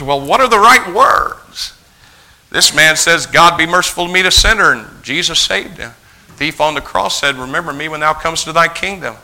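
Male preacher, very bright tone, emphatic sermon, loud peaks then hushed storytelling. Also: fairly high pitch, expressive, normal speed, rough recording. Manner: emphatic, rising to shouted peaks then dropping to quiet storytelling. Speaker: pastor.

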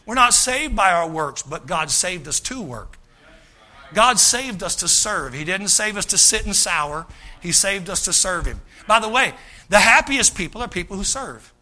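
A male pastor, preaching a folksy, animated sermon, often acting out quoted voices and repeating his starts. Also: high voice, moderate pace.

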